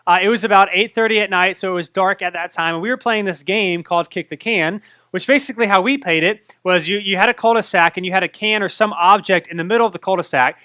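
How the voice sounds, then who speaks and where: A bright, high-voiced man in his thirties, a pastor from North Carolina preaching a sermon. He tells stories in an animated way and acts out his own fright. The sound is close and dry, with no room echo. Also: fast. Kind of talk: sermon with personal story.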